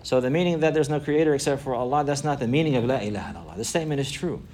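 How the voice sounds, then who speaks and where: Male religious teacher, rapid delivery, repeats phrases for emphasis, quick Arabic recitation. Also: mid-range voice, a little mellow, slight background noise. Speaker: Islamic teacher. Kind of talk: religious lesson.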